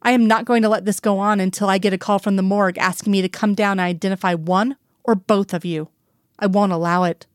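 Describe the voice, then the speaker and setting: Brief: woman reading stern male supervisor, curt reprimands, crisp voice. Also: medium pitch, fairly even intonation, fast, dry recording, clean studio sound, close to an everyday voice. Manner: clipped, scolding. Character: stern male FBI boss, gruff, protective.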